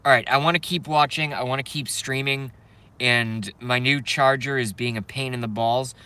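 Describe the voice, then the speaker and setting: A man's voice: mid-range voice, steady tone, moderate pace, bright, forceful tone, clear, resonant tone. A man ranting to viewers on a live stream from his parked car, swearing and agitated.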